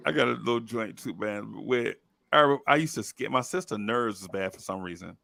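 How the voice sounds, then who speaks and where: A man's voice: on the low side, brisk, vocal fry, dry recording, clean studio sound. A middle-aged man, a podcast co-host telling childhood stories in casual chat and acting out the voices. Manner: animated storyteller, acts out voices loudly.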